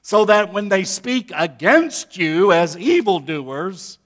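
High-voiced preacher man, slow folksy sermon. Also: lively intonation, a bit bright. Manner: folksy preaching, addresses the congregation directly. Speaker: pastor. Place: church sanctuary.

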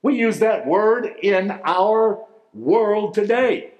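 A man preaching with a high, light voice, slow and deliberate, leaning hard on key words. The sound rings around a roomy hall. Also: expressive, a little mellow. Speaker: pastor. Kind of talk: sermon. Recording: echoey room.

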